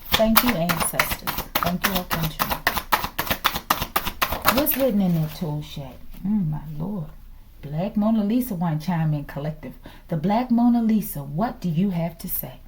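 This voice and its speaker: Animated woman reading tarot cards. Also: fairly low pitch, background noise. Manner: animated, calls out "collective" and "okay?" often. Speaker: tarot reader. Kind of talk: casual tarot reading to viewers.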